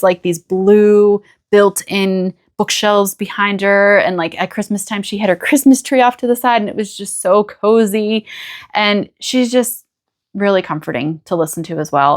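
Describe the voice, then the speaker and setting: American lady hosting a knitting podcast, chatty and gushy, mid pitch, just talking to camera. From United States. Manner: chatty and gushing, with small restarts and laughs. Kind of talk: casual chat to camera.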